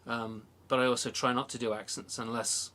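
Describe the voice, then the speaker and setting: A man's voice: medium pitch, level tone, a little fast, sharp tone. A man with an English Worcester accent hosting a casual chat on a video call, chatty and encouraging, stumbling over his words. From England. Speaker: host.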